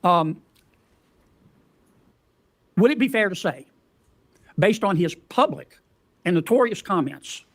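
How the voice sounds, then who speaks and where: A man's voice: high-pitched, sing-song, slow, pauses often. A man questioning a witness at a hearing, folksy, pressing with leading tag questions.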